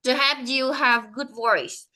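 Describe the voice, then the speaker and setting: A woman with a Vietnamese accent tutoring English in an online one-on-one lesson, speaking slowly, repeating herself and correcting her own words. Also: high-pitched, fairly even intonation, pushed and bright, low-quality recording.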